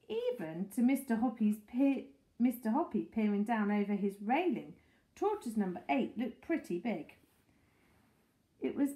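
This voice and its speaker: A woman reading a children's story aloud with expressive, animated storytelling. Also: fairly high pitch, poor audio. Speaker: storybook reader.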